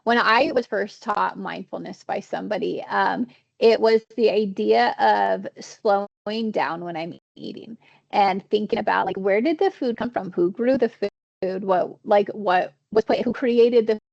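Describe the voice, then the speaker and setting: A woman's voice: medium pitch, unhurried, creaky, no echo, dull audio. A woman leading an online stress-management training, talking conversationally and checking in with her listeners. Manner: conversational, checks in with "all right?". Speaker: workshop trainer. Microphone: video call.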